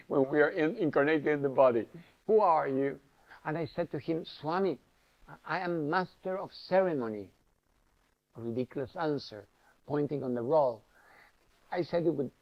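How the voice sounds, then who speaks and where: An earnest man delivers a spiritual tribute message, leaning on repeated rhetorical phrases. His voice sits a little high for a man and carries a gravelly fry. The recording sounds slightly dull and lo-fi. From Argentina. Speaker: inspirational speaker.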